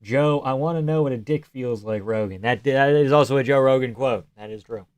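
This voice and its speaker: A man streaming live reads viewer messages aloud and responds in a joking, loose style that can drop to almost a whisper. His medium-pitched voice is fairly quick, darkish, clear and resonant, suited to casual stream chat.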